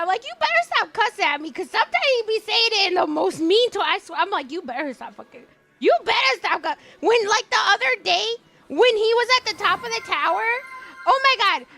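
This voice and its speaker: High-voiced, animated woman streamer. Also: creaky. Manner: chatty, animated, laughs often, swears freely. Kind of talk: casual chat while streaming a game.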